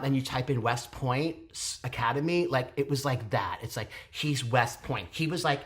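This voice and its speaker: Gushing theatrical vlogger. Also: medium pitch. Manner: gushing, theatrical, with whispered asides; rambling, self-interrupting. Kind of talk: excited casual review monologue.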